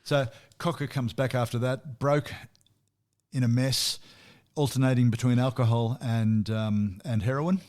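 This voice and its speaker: A man's voice: medium pitch, steady tone, measured pace, a little mellow. A man telling stories in a casual radio chat. He presents a music segment and often chuckles at his own anecdotes.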